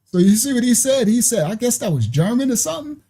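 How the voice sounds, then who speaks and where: High-voiced man in loose commentary. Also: big pitch swings, fast, warm tone. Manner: laughs often, repeats and restarts words. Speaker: ministry channel host. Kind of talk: casual commentary monologue.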